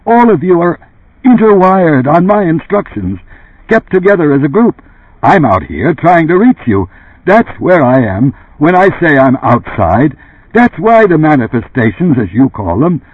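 A man reading an audiobook, voicing a heated, indignant middle-aged boss who pleads in loud, raised bursts. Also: fairly high pitch, very animated, measured pace, husky, dry recording, voice pushed up, full character voice. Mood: insistent. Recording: dry, tinny phone-like sound.

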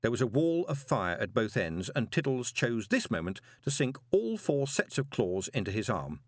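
A man reading a novel aloud as an audiobook narrator, dramatic and expressive with drawn-out pauses. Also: mid-range voice, no echo. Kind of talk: scripted narration. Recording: dry close studio recording.

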